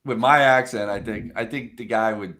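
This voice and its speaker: A man with a somewhat low voice tells sales stories in casual podcast chat. He is animated, laughs often and acts out both sides of his phone calls. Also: moderate pace. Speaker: sales development rep.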